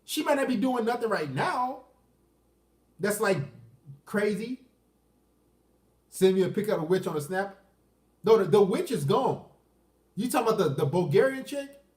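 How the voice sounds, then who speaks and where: A man's voice: high-pitched, animated, moderate pace, pauses often, a little mellow, distant mic. A man, ranting crudely on a livestream and answering chat questions. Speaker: dating commentary streamer. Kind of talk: unscripted livestream rant. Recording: roomy echo, off the mic.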